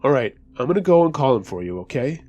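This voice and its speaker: A man doing a slow, soothing teenage bouncer. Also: mid-range voice, big pitch swings, a little mellow, dull audio. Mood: coaxing. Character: hot-headed teenage male bouncer, trying to stay calm.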